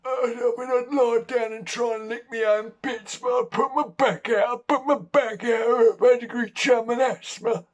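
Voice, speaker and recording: A man's voice: extremely high pitch, fairly even intonation, normal speed, few pauses, muffled recording, voice pushed up. A man voicing a wheezy old male dog with a Cockney accent, chummy and breathless. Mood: chummy grumbling. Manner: chummy, rambling complaints.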